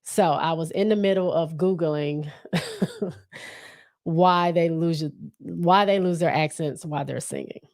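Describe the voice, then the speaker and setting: A woman's voice: lowish voice, big pitch swings, measured pace, darkish tone. A woman hosting a solo podcast, chatting casually and thinking aloud with frequent restarts. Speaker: podcast host.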